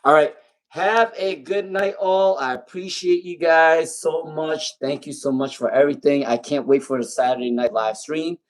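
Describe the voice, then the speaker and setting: A man's voice: fairly high pitch, moderate pace. Chatty young man reading tarot live. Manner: chatty, repeats himself, bursts of laughter. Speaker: tarot reader hosting a live stream. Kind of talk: live-stream tarot reading, casual chat with viewers.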